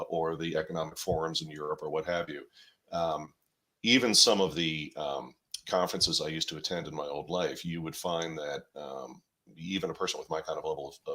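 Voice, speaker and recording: Deep-voiced guy rambling thru long explanations, kinda sharp edgy tone. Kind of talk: casual chat.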